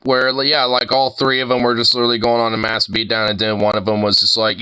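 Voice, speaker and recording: A man's voice: medium pitch, little pitch movement, quick pace, few pauses, pushed and bright, a little hiss or hum. A young man casually reacting to videos, rambling, laughing and swearing freely as he watches.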